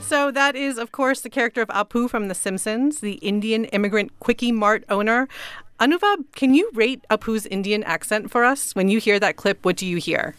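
A woman's voice: fairly high pitch, moderate pace, a bit bright, clean tone, no echo, soft background music. Upbeat woman moderating a panel. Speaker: host.

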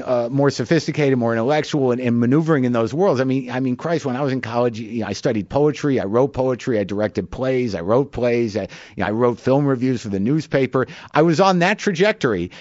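A man's voice: medium pitch, animated, fairly quick, hardly any pauses, a little mellow, no room sound. A middle-aged male comedian tells confessional stories in a self-mocking, profane way. His voice sits in a middle register and is close and dry, with no room around it. The recording is slightly dull. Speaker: comedian guest. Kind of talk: candid storytelling interview.

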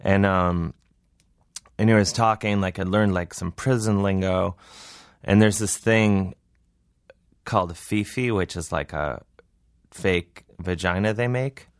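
A man's voice: low-pitched, measured pace, long pauses, no room sound, studio quality. A man who is a comedian, telling a story in a casual interview, rambling and self-deprecating. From Cleveland. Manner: rambling, self-deprecating, acts out voices in quotes. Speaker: comedian guest.

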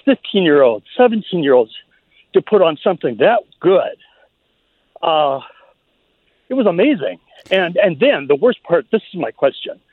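A man with a fairly high voice calls in to a radio show from Minnesota over a thin, tinny phone line. He is walking outside as he talks, and he speaks in a chatty, eager way. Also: husky, no room sound. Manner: chatty and enthusiastic. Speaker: radio caller.

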